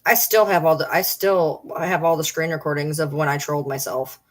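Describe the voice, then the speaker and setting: A middle-aged woman on a livestream recounts events in a blunt, profane, animated way. Her voice sits a little low. She talks in a loose, conversational stream. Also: fairly quick. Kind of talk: casual livestream storytelling.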